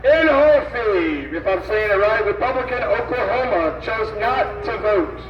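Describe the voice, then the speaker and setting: A man gives a rally speech in a high voice, reading a roll call slowly and deliberately and tripping over names. He is heard from a distance, with echo. The sound is dull and lo-fi, with faint noise behind. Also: animated. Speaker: rally speaker. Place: outdoor rally.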